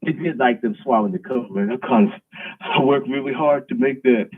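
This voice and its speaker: A man's voice: medium pitch, a little fast, slightly rough. A man hosting a live stream, delivering an emphatic, preachy, provocative monologue. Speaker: host. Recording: tinny phone-like line.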